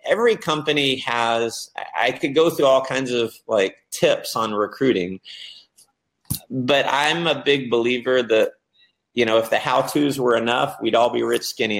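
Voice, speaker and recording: A man talking casually about recruiting in network marketing, telling stories and acting out excited quotes. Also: medium pitch, creaky. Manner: storytelling, animated, acts out excited quotes with laughs. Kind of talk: casual talk.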